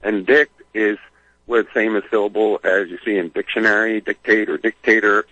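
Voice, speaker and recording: A man's voice: lowish voice, fairly even intonation, normal speed, bright, forceful tone, no room sound. A man calling in to a radio show, talking in a rambling, hesitant way with many fillers. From Philadelphia. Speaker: regular caller. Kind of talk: phone-in conversation. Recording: dull phone line on radio.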